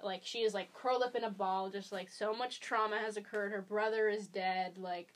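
A woman's voice: mid-range voice, steady tone, moderate pace. A young woman chatting casually as a podcast guest, rambling with many ums and likes. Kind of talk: casual chat.

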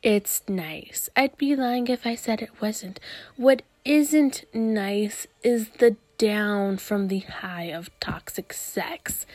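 A woman's voice: medium pitch, darkish tone, no echo. A woman hosting a podcast, ranting in a crude, profane, casual way, full of groans and disgusted sighs. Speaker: podcast host.

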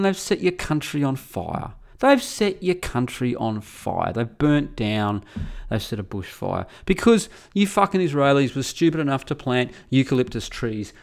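A man's voice: medium pitch, animated, normal speed, vocal fry, hardly any pauses. A middle-aged man, hosting a solo monologue in a blunt, combative and profane way. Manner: blunt, combative and profane, grows heated and loud.

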